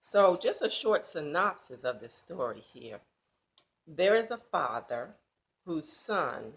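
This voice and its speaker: A woman teaching a Bible passage in sermon style, emphatic and loose, with casual asides. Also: low voice.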